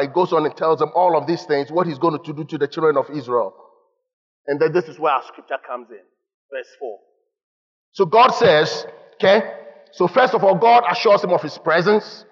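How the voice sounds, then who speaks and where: A man preaching a sermon in an animated way, rising to shouts at times. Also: fairly high pitch, husky. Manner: animated, rising to shouts when voicing God. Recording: muffled sound in a reverberant hall.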